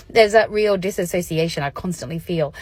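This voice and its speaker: A woman's voice: on the low side, moderate pace, a little mellow, no echo. A woman casually explaining her own experiences to camera in a candid, chatty way, laughing often. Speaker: vlogger sharing personal experience. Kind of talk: casual educational talk to camera.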